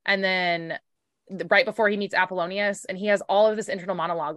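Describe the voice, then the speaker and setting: Bright, profane woman podcaster. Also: medium pitch, fast, no room sound. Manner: profane, animated, acts out characters' lines. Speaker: podcast co-host. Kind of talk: casual book-club chat.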